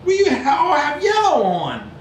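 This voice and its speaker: A father joining a casual family chat, slow-spoken and puzzled, laughing often. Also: very high voice, huge pitch swings. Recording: echoey room with background noise.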